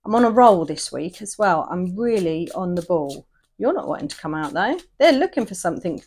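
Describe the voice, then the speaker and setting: A woman's voice: lowish voice, big pitch swings, fairly quick, a little mellow. A woman giving a casual tarot reading, chatty and rambling, often checking in with "yeah?". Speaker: tarot reader.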